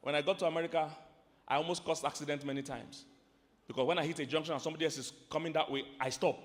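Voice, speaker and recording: A man with a Nigerian accent preaching a sermon to a live audience, animated and quizzing the crowd. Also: on the high side, rapid-fire. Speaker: pastor and relationship teacher. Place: large hall with a live audience. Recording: long hall reverb.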